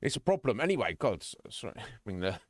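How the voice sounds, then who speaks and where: A deep-voiced man chats casually with his stream, earnest and rambling, often starting sentences over. He talks briskly with big pitch swings; the sound is close and dry without room echo, with faint music in the background.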